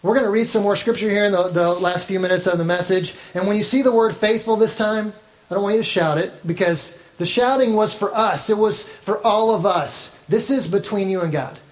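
A man's voice: high-pitched, fairly quick, low-quality recording. A man preaching a sermon as pastor, speaking earnestly and directly to his congregation.

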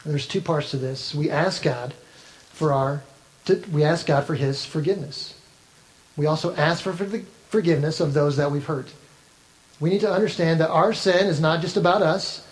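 A man's voice: high voice, low-quality recording. A man preaching a sermon as pastor, speaking earnestly and directly to his congregation.

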